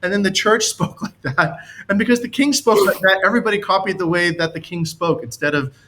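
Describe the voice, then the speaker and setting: A man's voice: high-pitched, a little fast, sharp tone, a little hiss or hum. Man giving a rambling leadership talk. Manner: rambling and anecdotal, chuckles while explaining. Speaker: team leader.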